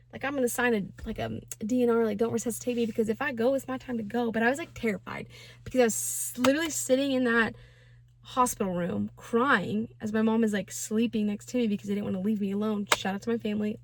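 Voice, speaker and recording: A woman's voice: a little high, vocal fry, no room sound. A young woman in her twenties telling a personal story in a casual vlog, chatty and slangy with lots of fillers. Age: 20s. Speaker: vlogger.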